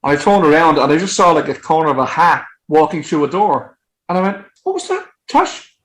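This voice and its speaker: A man in his fifties, a songwriter guest telling lively anecdotes in casual chat and acting out what people said. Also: a little high, brisk, low-quality recording. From Ireland. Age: 50s. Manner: animated, acts out quotes, frequent swearing.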